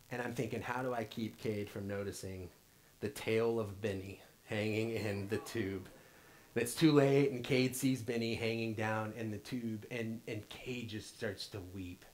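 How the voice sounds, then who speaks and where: A man in his thirties giving a sermon in a church. He tells a family story in an earnest way, often repeats his first words, and swings between loud and hushed. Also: on the low side, rough recording. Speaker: pastor. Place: church sanctuary.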